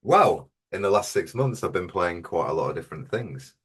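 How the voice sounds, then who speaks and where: A man, co-hosting a gaming podcast in a dry, deadpan, casual way. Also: sits low, normal speed, husky. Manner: dry, deadpan, mock-superior. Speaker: podcast co-host. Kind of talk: casual gaming chat with comic bits.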